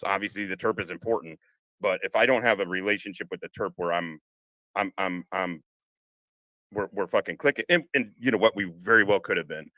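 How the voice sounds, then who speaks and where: A man's voice: fairly low pitch, a bit bright, dry recording, low-quality recording. A man hosting a live conversation, talking casually with lots of swearing and restarts. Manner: swears a lot, rambling with restarts. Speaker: podcast host. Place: home room, car parked outside.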